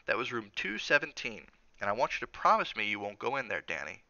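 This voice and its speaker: A man's voice: lowish voice, very animated, fast, creaky, pushed and bright, no room sound, lo-fi sound, exaggerated voice. A man doing a folksy old hotel cook. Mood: reassuring. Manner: folksy, reassuring drawl. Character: kindly older male hotel cook, folksy.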